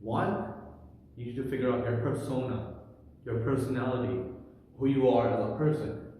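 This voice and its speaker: A man giving an energetic, animated, loud talk to camera with public speaking tips. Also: medium pitch, normal speed. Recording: echoey room with long reverb.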